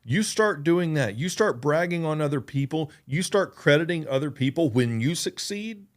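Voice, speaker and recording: A man's voice: on the high side, expressive, moderate pace. A man hosting a motivational podcast, talking earnestly and emphatically and repeating his key points. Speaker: podcast host.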